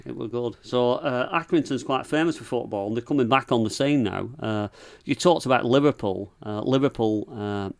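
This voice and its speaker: A man's voice: mid-range voice, moderate pace, vocal fry, few pauses. A middle-aged man from England with a Lancashire accent, chatting casually as a podcast guest and telling rambling stories in northern dialect. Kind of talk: casual chat.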